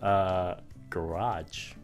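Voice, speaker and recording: A woman's voice: a bass voice, fairly even intonation, drawn-out words, faint music behind. A Vietnamese woman hosting a casual pronunciation lesson, asking curious questions and reacting with surprise. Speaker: host, English teacher.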